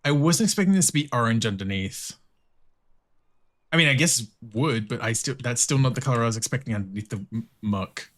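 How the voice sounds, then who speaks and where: A man streaming a cleaning game, chatting casually with viewers and laughing often. His voice moves around a lot in pitch, and he drops a lot of casual swearing into his running commentary. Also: expressive, a little fast, fairly bright tone. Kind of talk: casual commentary while playing.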